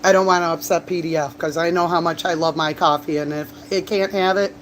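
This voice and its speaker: A woman rambling through casual stories on a livestream, with a voice that sits a little low. She chats from a bar indoors, and a faint hum runs underneath. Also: steady tone, brisk. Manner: chatty, rambling, laughs and coughs between stories. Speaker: livestreamer and bartender.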